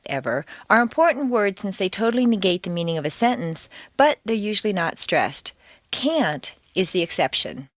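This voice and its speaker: A woman with an American accent reading a scripted accent lesson, speaking slowly and deliberately with exaggerated intonation for learners to repeat. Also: on the low side, no echo. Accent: General American. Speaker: accent teacher.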